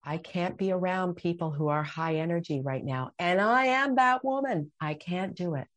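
Middle-aged woman guest on a podcast, low voice, dry close sound, earnest and halting. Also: expressive, dry recording. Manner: earnest, heartfelt, halting restarts. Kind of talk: conversational interview.

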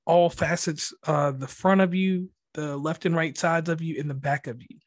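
Earnest host with a slightly high voice. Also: male voice, steady tone, no room sound, studio quality. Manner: earnest and deliberate, with fillers. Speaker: podcast host. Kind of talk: interview questions.

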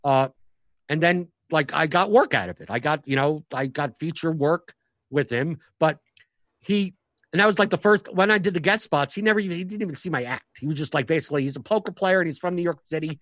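Male comic, chatty podcast guest, somewhat high voice, dry close sound, talks in loose rambling bursts. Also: a bit bright, no room sound. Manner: rambling, fast, many restarts and filler words. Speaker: stand-up comic and professional poker player. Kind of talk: casual podcast conversation.

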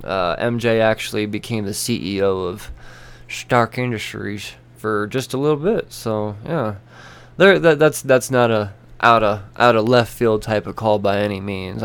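A man's voice: mid-range voice, clean tone. Rambling, foul-mouthed male comics reviewer. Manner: rambling, swearing, laughing. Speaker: comic book podcast host. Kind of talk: casual profane review.

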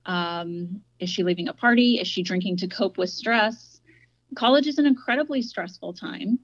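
A woman co-hosting a casual discussion podcast, explaining her points in a measured way. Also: mid-range voice, dry recording, dull audio. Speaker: podcast co-host.

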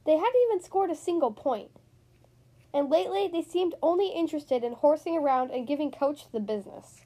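Woman reading a kids' picture book aloud, high and lively voice. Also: a little fast. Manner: animated, expressive storytelling. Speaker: storybook reader.

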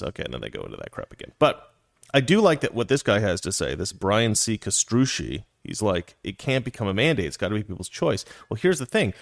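A man's voice: mid-range voice, no room sound, clean studio sound. A man co-hosting a casual talk show, reading news stories aloud and commenting in a sarcastic, heated, mock-serious way.

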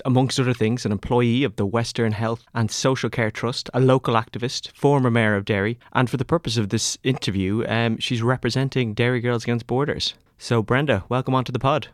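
A man hosting a podcast, summing up and introducing guests in a measured way. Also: medium pitch, fairly even intonation, dry recording, studio quality. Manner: measured, summarizing. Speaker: podcast host.

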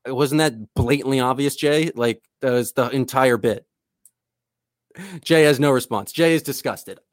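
A man's voice: mid-range voice, a little slow, dry recording, studio quality. A man co-hosting a sports podcast in casual chat, rambling enthusiastically and calling himself the eccentric goofball. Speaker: podcast co-host.

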